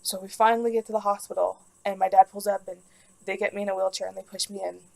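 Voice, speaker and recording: A woman's voice: mid-range voice, level tone, fast talker, creaky, a little mellow, poor audio. A young woman telling a personal story in a vlog, rambling and emotional, with lots of "like". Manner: rambling, emotional, heavy use of "like". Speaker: vlogger.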